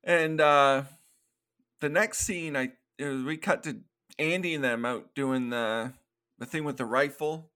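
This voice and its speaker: A man co-hosting a podcast, casually recapping film scenes and acting out quick quotes in between laughs. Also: fairly high pitch, bright, forceful tone, smooth. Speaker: podcast co-host. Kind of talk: casual movie recap chat.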